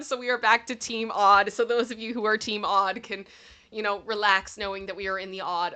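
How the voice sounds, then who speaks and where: A woman hosting a casual livestream, chatting and thanking her viewers one by one. Her voice is bright and clear, with a middling pitch. She is chatty and breaks into giggles now and then. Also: steady tone, brisk. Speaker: livestream host.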